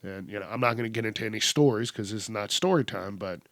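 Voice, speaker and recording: A man's voice: fairly low pitch, fast, dry recording. Young guy ranting through the news on his podcast, cussing a lot, dry close sound. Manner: profane, animated retelling with acted quotes. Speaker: podcast host. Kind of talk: casual news commentary.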